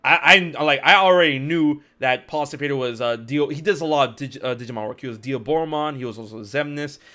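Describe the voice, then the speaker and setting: A man hosting a casual interview, talking in a rambling, excitable way with lots of fillers. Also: medium pitch, a little fast. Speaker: show host and streamer.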